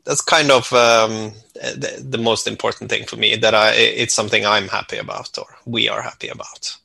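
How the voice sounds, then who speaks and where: Norwegian male musician guest, gravelly, bright-edged voice, halting thoughtful English. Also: on the low side, level tone, dry recording. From Norway. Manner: hesitant, thoughtful, many fillers. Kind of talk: interview answers.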